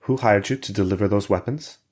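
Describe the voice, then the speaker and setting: A man voicing a calm male interrogator who speaks softly and reassuringly, like a concerned parent. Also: lowish voice, a little fast, close to an everyday voice. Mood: pressing. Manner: soft, reassuring, coaxing.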